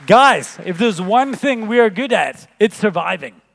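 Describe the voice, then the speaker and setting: A man giving a conference keynote talk, telling animated stories with jokes and punchlines, in a large conference hall. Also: high-pitched, a little slow, creaky, a faint crowd, a little hiss or hum. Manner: jokey, animated storytelling with punchlines. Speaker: keynote speaker. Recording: long reverb of a large hall.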